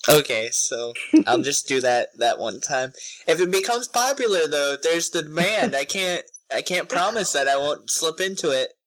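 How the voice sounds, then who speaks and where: A man's voice: on the high side, animated, normal speed, a bit bright, no room sound, rough recording. A young man co-hosting a podcast in casual chat, joking and loose, often trailing off with fillers. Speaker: podcast co-host.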